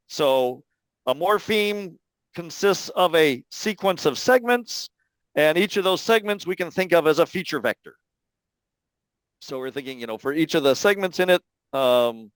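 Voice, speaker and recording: A man giving an academic talk, explaining carefully in a measured way with frequent pauses. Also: a little high, a bit bright, clean tone, no echo, low-quality recording. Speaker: linguistics lecturer. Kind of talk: academic talk answering questions.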